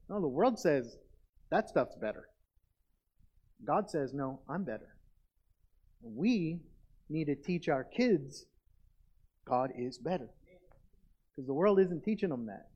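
Earnest conversational male pastor. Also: fairly high pitch. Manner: conversational, earnest preaching with animated asides. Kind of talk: sermon. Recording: dull lo-fi recording.

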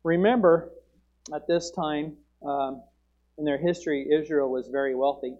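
A man preaching a sermon, moving between relaxed Bible teaching and loud proclaiming. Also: moderate pace. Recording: muffled low-fidelity sound.

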